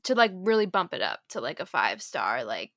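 A woman's voice: sits low, very animated, moderate pace, a bit bright, no room sound, studio quality. An American woman co-hosting a podcast, chatting casually about books in a rambling, giggly way. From United States. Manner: rambling, self-interrupting, giggly. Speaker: podcast co-host. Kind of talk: casual book chat.

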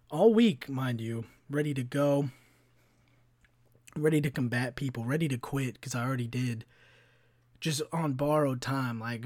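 A man's voice: medium pitch, dry recording. Young male podcaster, mid-range voice, chatty and profane, rambles through stories with lots of "like", recorded dry and close. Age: 20s. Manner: profane, rambling, animated storytelling with frequent fillers. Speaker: podcast host. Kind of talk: casual solo storytelling.

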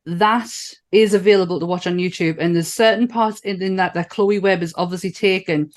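A woman's voice: on the low side, brisk. A woman co-hosting a podcast about films, chatting casually, swearing freely and laughing between points. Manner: animated, sweary, laughs often. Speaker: podcast co-host. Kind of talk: casual film chat.

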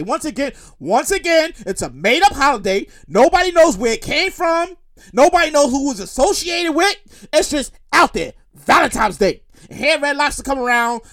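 A high-voiced woman hosts a solo comedy show and rants with big, bouncing swings in pitch. She is loud and profane, breaks into laughter and shouts her outrage at the listener. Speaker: host. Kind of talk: comedic solo podcast rant.

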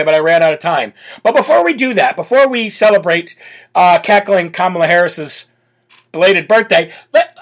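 A man's voice: high voice, a bit bright. A man hosting a political talk show, brash and sarcastic in his opinionated solo commentary.

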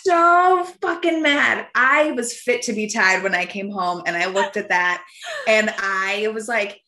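A woman co-hosting a podcast, chatting casually and getting animated and loud as she tells a story. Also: mid-range voice, a little slow, echoey room. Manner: animated, swearing, rising to shouts when telling a story. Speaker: podcast co-host. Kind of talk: casual chat.

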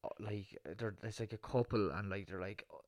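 A young Irish man co-hosting a podcast, telling stories casually with halting fillers and frequent swearing. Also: on the low side, fairly even intonation, no echo. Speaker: podcast co-host. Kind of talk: casual chat.

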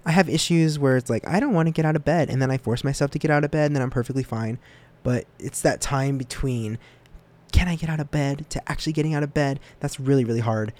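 A young man hosting a student podcast, talking casually on his own, rambling and joking at his own expense, with sudden upward leaps in pitch. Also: fast. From United States. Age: young adult. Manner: rambling and self-deprecating, with lively jumps in pitch. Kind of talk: casual solo podcast monologue.

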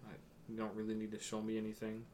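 A man co-hosting a casual podcast, running through game news in an offhand, profane, deadpan way. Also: on the low side, quick pace, slight background noise. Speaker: podcast co-host. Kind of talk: casual chat about games.

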